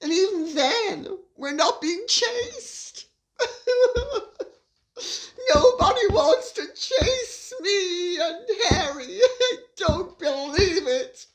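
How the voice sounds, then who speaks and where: High wobbly sobbing diva, a woman putting it on, vain and whiny, voice swooping all over. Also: lively intonation, drawn-out words, heavily acted. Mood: self-pitying whine. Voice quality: high, quavering, laughing-crying tone. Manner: mocking parody, overdramatic whining. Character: self-pitying woman of status, whiny, tearful, vain.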